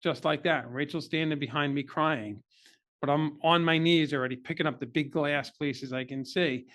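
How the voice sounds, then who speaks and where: A man's voice: fairly high pitch, moderate pace, fairly bright tone. A middle-aged man, a podcast guest, earnestly telling an emotional personal story in a candid interview.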